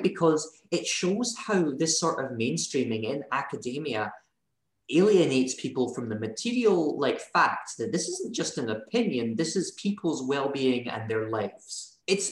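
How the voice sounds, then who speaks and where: Profane Scottish woman with a roomy sound. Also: a bass voice. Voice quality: animated, profane. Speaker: guest, union organizer. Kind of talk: casual podcast chat, storytelling.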